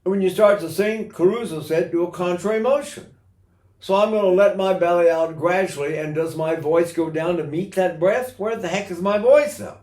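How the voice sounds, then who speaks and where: Older guy teaching singing, kinda high voice, rambles and sings little oh oh bits, roomy echo. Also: normal speed, a little mellow. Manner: rambling, demonstrates with sung vowels and imitated voices. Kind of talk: recorded voice lesson.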